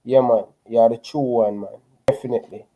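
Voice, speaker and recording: A laid-back man hosting a casual livestream, handing out shout-outs to his viewers. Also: medium pitch, fairly even intonation, a little fast, rough recording. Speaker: channel host.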